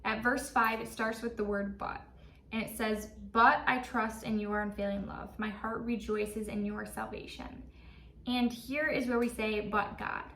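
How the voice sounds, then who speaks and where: A woman's voice: on the high side, fairly even intonation, unhurried, bright, forceful tone, reverberant, recorded from a distance, slight background noise. A young woman teaching a casual devotional Bible study, earnest and chatty with lots of fillers.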